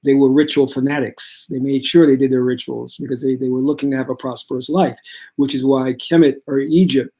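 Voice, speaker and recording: A man giving a calm, steady spiritual talk to his viewers, reassuring and unhurried. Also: mid-range voice. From United States. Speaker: spiritual teacher.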